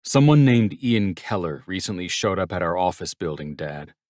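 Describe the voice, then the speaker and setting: A man's voice: low voice, sing-song, moderate pace, darkish tone, no room sound, clean studio sound. A man voicing a pushy, impatient adult brother in an audiobook, speaking bluntly. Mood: insistent. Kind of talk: audiobook character voice.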